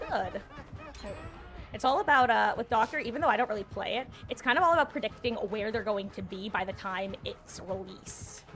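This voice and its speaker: A woman's voice: mid-range voice, moderate pace. A woman streaming a multiplayer game, chatting casually with viewers and teammates and laughing often. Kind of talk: casual gameplay commentary.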